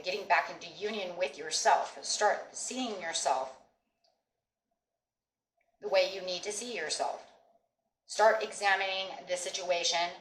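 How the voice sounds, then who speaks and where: A woman's voice: on the low side, fairly bright tone. A woman giving a casual, reassuring tarot reading to viewers, often checking in with "okay?" and "you know.". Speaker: tarot reader. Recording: echoey room with faint background noise.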